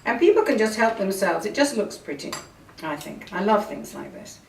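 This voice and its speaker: A woman's voice: mid-range voice, very animated, moderate pace, gravelly, slight background noise. Chatty woman host walking through a recipe, recorded from across an echoey kitchen. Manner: chatty, enthusiastic, talks through each step. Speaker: cooking show host. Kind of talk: casual cooking demonstration. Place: home kitchen. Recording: roomy kitchen, mic at a distance.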